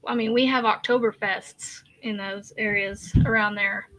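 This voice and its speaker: A woman's voice: medium pitch, steady tone, unhurried, a bit bright. A woman from Kansas hosting a crochet live stream, chatting casually, laughing often and answering viewer comments as she works. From Kansas, USA. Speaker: crochet channel host.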